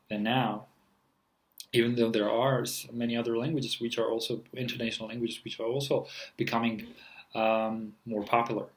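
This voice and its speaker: A man's voice: medium pitch, low-quality recording. A man teaching in a casual, rambling lesson, with many fillers and restarts. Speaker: language teacher.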